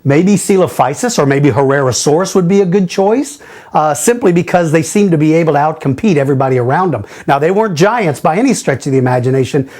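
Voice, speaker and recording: A man's voice: a little high, darkish tone. A middle-aged man hosting a casual question-and-answer video, friendly and jokey, thinking aloud with fillers. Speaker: host answering viewer questions.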